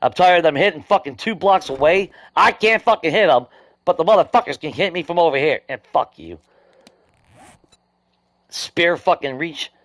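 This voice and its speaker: Live-streaming a video game, a man with a slightly high, somewhat bright, animated voice rants with heavy swearing about glitches. His pace is moderate and the recording has no room sound.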